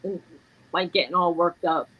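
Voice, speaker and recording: A woman's voice: lowish voice, normal speed, breathy edge, phone-quality sound. A middle-aged woman from New York talks in a casual, chatty way, with a plain New York accent. She tells her stories with animation and laughs easily. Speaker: co-host. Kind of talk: casual chat.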